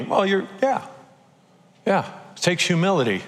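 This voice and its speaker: A man's voice: mid-range voice, big pitch swings, fairly quick, fairly bright tone. An older man, a pastor, preaching a conversational sermon and acting out little quotes, sometimes emotional. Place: church auditorium. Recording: long hall reverb.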